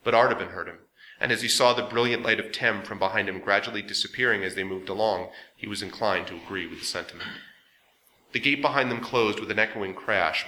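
A man narrating an audiobook in a steady storytelling voice. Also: on the low side, a little hiss or hum. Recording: echoey room.

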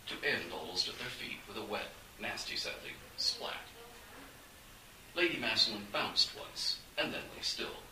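A man narrating a fantasy adventure audiobook in an animated, dramatic storytelling manner. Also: lowish voice. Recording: echoey room, distant mic, faint hiss.

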